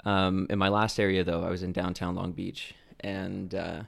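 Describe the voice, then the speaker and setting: A young man from Idaho, a podcast guest telling stories in a relaxed way, with lots of fillers. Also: deep voice, normal speed, vocal fry. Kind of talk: casual storytelling.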